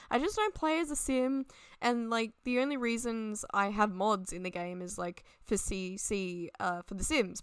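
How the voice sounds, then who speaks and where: A young woman rambles casually over a game speed build at her desk at home, laughing often as she goes. Her voice is smooth and clear. The recording is dry and close. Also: mid-range voice, a bit bright, no room sound. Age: young adult. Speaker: Sims 4 builder and YouTuber.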